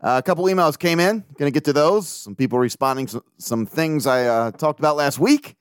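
A man's voice: fairly high pitch, brisk, clear, resonant tone, no room sound, studio quality. A man from the area, hosting a casual sports podcast, brash and joking and swearing freely. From Baltimore area. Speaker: podcast host.

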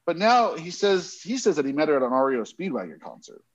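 A man with a fairly high, lively voice spins a rambling anecdote, doubling back and restarting as he goes. The recording is dull and lo-fi. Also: quick pace. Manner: animated storyteller, rambling with restarts. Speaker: guest telling a story. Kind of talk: casual anecdote.

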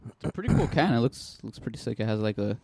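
A man's voice: fairly low pitch, animated, fast, gravelly, darkish tone, dry recording. A young man co-hosting a casual podcast chat, easygoing and swearing freely. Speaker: podcast co-host.

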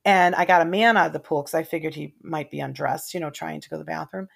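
A woman's voice: low voice, fairly even intonation, quick pace, vocal fry, slightly rough. An older woman telling long family anecdotes in casual chat, rambling with many restarts.

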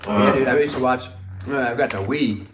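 A man's voice: mid-range voice, brisk, heavy background noise. A young man co-hosting a podcast, telling rambling, profane stories and laughing as he goes. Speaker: podcast co-host. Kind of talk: casual chat, storytelling. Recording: roomy sound, a bit far from the mic.

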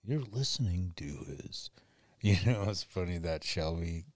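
Deep, slow-talking laid-back man. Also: animated, darkish tone, dry recording, studio quality. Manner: laid-back, laughs often, swears casually. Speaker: podcast co-host. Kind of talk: casual chat.

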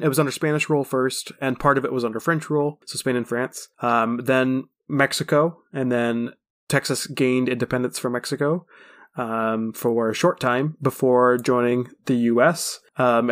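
A man's voice: medium pitch, normal speed. A man hosting a casual trivia podcast, reading questions and explaining the answers in chronological asides. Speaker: quiz host.

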